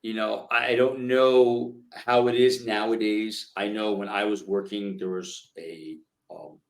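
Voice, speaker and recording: A middle-aged man co-hosting a podcast, asking questions thoughtfully with pauses. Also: fairly low pitch, fairly even intonation. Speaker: podcast co-host. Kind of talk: casual podcast conversation.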